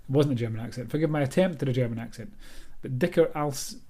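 Rapid-fire and warm, this mid-range male voice belongs to a Scottish author hosting his podcast solo. He rambles along in a chatty, self-deprecating way, keeping it casual.

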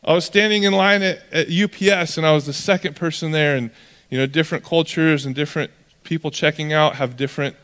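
A young man preaching a sermon as pastor, in a conversational, animated way that acts out characters. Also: on the high side, a little fast. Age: young adult. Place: church hall. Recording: long reverb of a church hall.

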